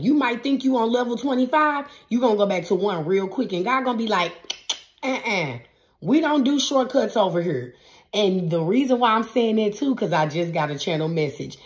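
A woman tarot reader giving a spiritual pep talk to her viewers in a casual, emphatic, repetitive style with a preacher-like cadence. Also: mid-range voice. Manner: casual, addresses viewers as y'all.

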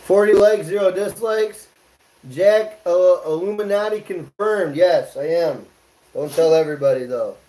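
A man's voice: sits high, measured pace, warm tone, echoey room, rough recording. A man hosting a casual cooking livestream from his home kitchen, joking loosely, swearing freely and talking to his chat as he cooks. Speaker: livestream host.

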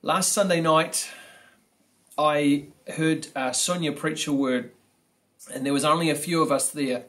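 A man church leader giving casual announcements and introducing the preacher, halting with fillers. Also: a little high, steady tone, a bit bright.

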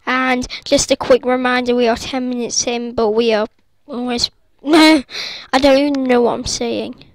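A woman's voice: on the high side, steady tone, measured pace, no room sound. A woman giving rambling, giggly commentary over a video game, breaking into silly singing and squeals. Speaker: gaming video host.

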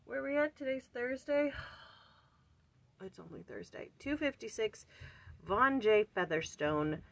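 A woman's voice: on the high side, lively intonation, unhurried, creaky, a bit bright, no echo. A woman hosting her own casual scripture study, thinking aloud in earnest and searching for words with sighs and restarts. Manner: earnest, urging questions to the listener. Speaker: host of a daily scripture study channel.

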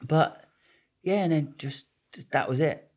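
A man's voice: fairly high pitch, slow pace, a little mellow. Rambling slangy man telling prison stories. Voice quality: rambling, slangy, swears freely, many restarts. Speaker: podcast guest. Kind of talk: casual storytelling interview.

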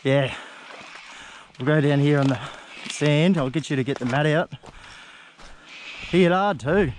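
Excitable Australian man fishing outdoors. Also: a little high, measured pace, a little hiss or hum. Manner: excitable, laughing banter with a mate. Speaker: fishing vlogger. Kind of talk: casual chat while fishing. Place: outdoors on a river.

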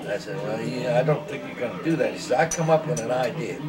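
An older man tells rambling, folksy stories at lunch, acting out quoted voices in a mid-range voice at a quick pace with few pauses. Loud music sits behind him, and a distant mic at the noisy home dining table catches clinking dishes, cutlery and other people.

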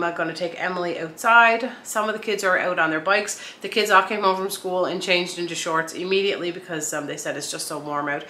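A woman's voice: lowish voice, sharp tone. A woman from Eastern Canada, a stay-at-home mom chatting casually as she cooks in her home kitchen, with frequent ums. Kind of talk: casual vlog narration. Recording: echoey room, faint ambience.

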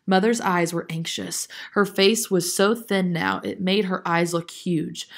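A woman narrating a children's chapter book aloud in a steady, clear manner. Her voice sits somewhat low for a woman. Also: a little slow. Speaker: storyteller. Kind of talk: storybook read-aloud narration.

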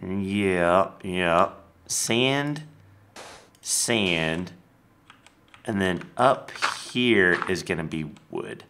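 A man casually commenting on his building as he plays a game, chatty and lively. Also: sits low, very slow, long pauses, a little hiss or hum. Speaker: Minecraft let's player.

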